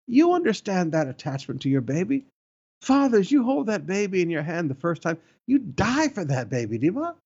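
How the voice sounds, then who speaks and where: Middle-aged male pastor, gravelly and animated, exclamatory sermon delivery, lo-fi recording. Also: high-pitched. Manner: emphatic, exclamatory preaching with rhetorical questions. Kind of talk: expository sermon. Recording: dull lo-fi sound.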